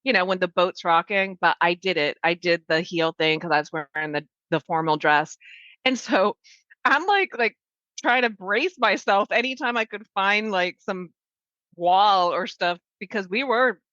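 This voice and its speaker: A woman who grew up in Maine chats animatedly as a podcast co-host, leaning into her stories. Her voice sits at a middle pitch. The recording is dry and slightly dull, with no room sound. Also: normal speed, no echo. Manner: chatty, animated storytelling. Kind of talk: casual chat.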